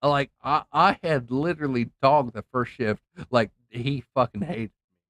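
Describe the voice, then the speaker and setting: A man's voice: mid-range voice, normal speed, a bit bright, dry recording. A man rants while he streams a game, swearing hard and tripping over his own restarts. His voice sits in a middle range. The mic is close and dry, with no room sound. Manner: profane, heated, rambling with restarts. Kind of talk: casual ranting story while gaming.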